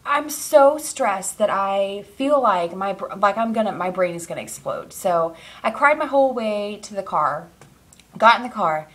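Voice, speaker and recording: A woman's voice: mid-range voice, animated, a little slow, fairly bright tone, slight background noise. A young adult woman talking casually to her camera in a personal vlog, rambling and emotional, with many fillers, restarts and small laughs. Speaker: vlogger.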